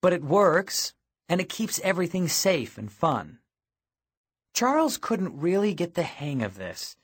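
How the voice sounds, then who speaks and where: A man's voice: high voice, very animated, a little slow, breathy edge. A man narrating a first-person story aloud in a wry, matter-of-fact storytelling manner. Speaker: audiobook narrator.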